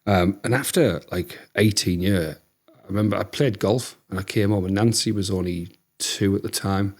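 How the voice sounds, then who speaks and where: A man in his thirties with a Teesside accent, telling lively stories as a podcast guest and acting out what people said. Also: deep voice, moderate pace. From Teesside, England. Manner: chatty, animated storyteller who acts out quotes. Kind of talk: casual storytelling chat.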